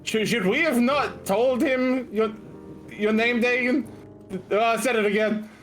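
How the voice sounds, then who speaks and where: Male player, high voice, jokey questions, faint music. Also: unhurried, fairly bright tone. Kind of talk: playing a tabletop game.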